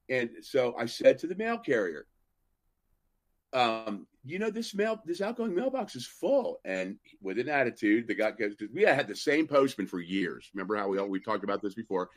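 A man's voice: medium pitch, lively intonation, brisk, no echo. Rambling male podcast host, dry sound. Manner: rambling anecdotes with acted-out quotes and asides. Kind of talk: casual storytelling on a live podcast.

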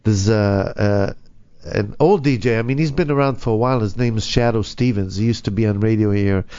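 A man's voice: lowish voice, fairly quick, mellow, smooth, highs cut off. A man hosting a radio talk show, chatting casually and hesitantly with many fillers.

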